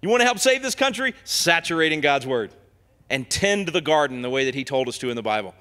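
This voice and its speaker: A man preaching an impassioned sermon in a church, swinging from quiet asides to loud declarations. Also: on the high side, sing-song, brisk, long reverb tail. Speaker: guest speaker. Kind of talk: fiery sermon. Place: church sanctuary.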